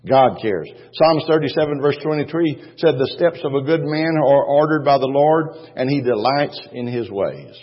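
Husky-voiced man preaching in a reverberant hall. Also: fairly high pitch, normal speed, hardly any pauses. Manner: emphatic preaching with repetition and rhetorical questions. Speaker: pastor. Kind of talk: sermon. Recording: dull, long church-hall reverb.

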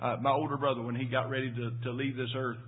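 A man's voice: medium pitch, level tone, fast, slightly rough. An older man preaching a sermon in a folksy storytelling way, repeating his words as he goes. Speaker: pastor. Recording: tinny phone-like sound.

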